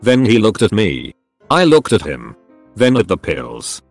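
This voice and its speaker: A man's voice: lowish voice, huge pitch swings, a little slow, vocal fry. A man narrating online stories aloud in a plain storytelling delivery. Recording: dry close recording with faint background music.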